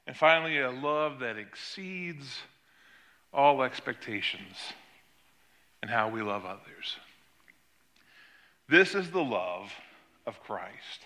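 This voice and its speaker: An older man, a pastor, preaching a sermon and telling a story about his granddaughter. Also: sharp tone. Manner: storytelling, acts out quoted voices with rising pitch.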